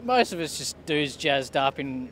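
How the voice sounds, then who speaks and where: A pro rider answers at length in a thoughtful, casual way, picking his words. His voice sits at an ordinary middle pitch. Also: big pitch swings, unhurried, fairly bright tone. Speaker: pro cyclist. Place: outdoors at a bike race.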